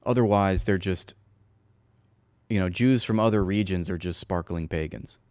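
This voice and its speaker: A man's voice: deep voice, moderate pace, darkish tone, clear, resonant tone, dry recording. A man hosting a casual political commentary show, talking in a sarcastic, mocking way and sometimes laughing at his own jokes.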